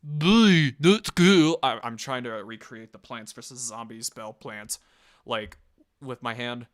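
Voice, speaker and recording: A man's voice: mid-range voice, slow pace. A man casually reviewing and reading out online comments, rambling, swearing and laughing as he goes. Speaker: video reviewer.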